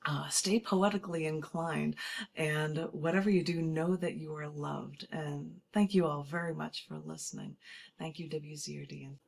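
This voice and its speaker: A woman's voice: deep voice, steady tone, normal speed, vocal fry, a little mellow. A woman poet reading her poems on a radio show, talking casually between them and plugging her books.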